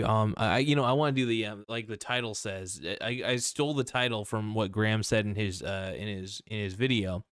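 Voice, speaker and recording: A man's voice: lowish voice, a little fast, hardly any pauses, fairly bright tone, smooth, dry recording, clean studio sound. A man hosting a podcast, ranting casually and bluntly with plenty of swearing and fillers. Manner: blunt, profane, skeptical, many fillers. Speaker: podcast host. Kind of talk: casual opinionated podcast rant.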